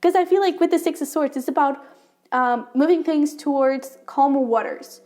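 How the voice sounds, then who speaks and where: A woman giving a casual tarot reading to her viewers, excited and fast-talking, warm and encouraging, with many fillers. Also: high voice. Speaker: tarot reader.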